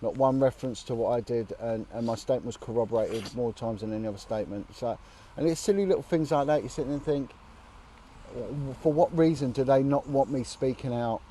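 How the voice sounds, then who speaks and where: Medium-pitched and brisk, with a dark tone and a little hiss or hum in the recording, a man talks to camera from a bench by a road during a long walk. The outdoor chat is casual yet earnest and indignant, and he swears bluntly.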